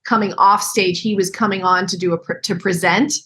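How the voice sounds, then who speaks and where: A woman guesting on a podcast interview, talking in a reflective, halting way with fillers and restarts. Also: mid-range voice, steady tone, fairly bright tone, slight background noise. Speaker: guest actress. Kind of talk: casual interview chat.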